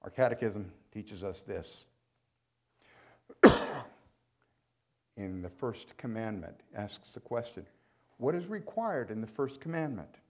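A man's voice: fairly low pitch, expressive, takes it slowly, pauses often. A man preaching a sermon as pastor, emphatic and repeating phrases for weight.

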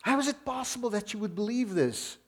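A man preaching a sermon in an earnest, emphatic way, leaning hard on slow, stressed words. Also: sits high, expressive.

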